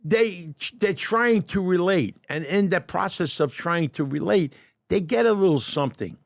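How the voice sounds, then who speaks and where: An older man with a New York accent telling stories in a casual interview, animated and stammering over his starts. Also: high-pitched, normal speed, gravelly, no room sound, studio quality. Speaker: guest, deli owner turned actor. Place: restaurant dining room.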